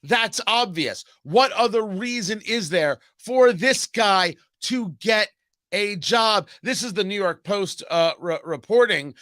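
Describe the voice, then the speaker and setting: Sarcastic guy hosting a commentary show, high and punchy, very dry close sound. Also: slow pace, no echo. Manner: sarcastic, emphatic, lively. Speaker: host. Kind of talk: political commentary.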